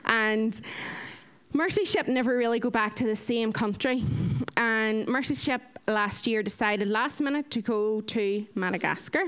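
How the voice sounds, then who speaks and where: A woman's voice: unhurried, smooth. Earnest young woman. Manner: earnest, animated storytelling, acts out quotes in a higher voice. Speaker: mission volunteer. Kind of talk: personal faith testimony.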